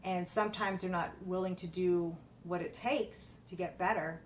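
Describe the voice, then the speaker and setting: A middle-aged woman, a personal trainer, telling a personal story in a halting, emotional way with many fillers and restarts. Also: fairly low pitch, fairly even intonation, slight background noise.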